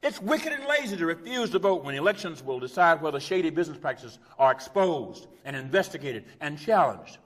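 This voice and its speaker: A man preaching a sermon as a pastor, impassioned, with repeated rhetorical phrases that swing from loud urgent peaks to hushed low drops. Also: big pitch swings, a little fast, few pauses. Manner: repetitive rhetorical cadence. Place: church sanctuary. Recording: long church reverb.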